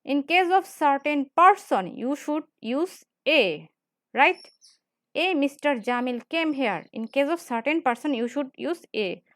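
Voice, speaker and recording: High-pitched female grammar teacher, repetitive lecture delivery, dry recording. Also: animated, a bit bright, dry recording. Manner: repetitive, explains slowly with frequent "right?". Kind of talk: classroom lecture.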